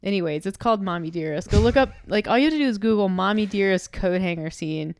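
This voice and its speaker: A woman's voice: mid-range voice, fast talker, clear, resonant tone, no room sound. A woman co-hosting a podcast, chatting casually with playful teasing. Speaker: podcast co-host. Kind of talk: casual chat.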